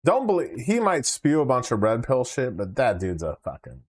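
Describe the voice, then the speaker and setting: A man's voice: mid-range voice, wildly swooping pitch, moderate pace, breathy edge. A man hosting a casual livestream, reacting with laid-back, profane commentary and laughs. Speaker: livestream host.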